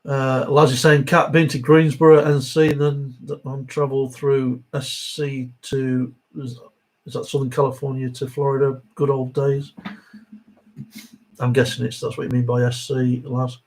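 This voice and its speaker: A man's voice: medium pitch, little pitch movement, measured pace, a little mellow, low-quality recording. Chatty man reading stream comments. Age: middle-aged. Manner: chatty, reads viewer comments aloud, many fillers. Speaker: host of a live Q&A stream. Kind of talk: casual live-stream chat reading comments.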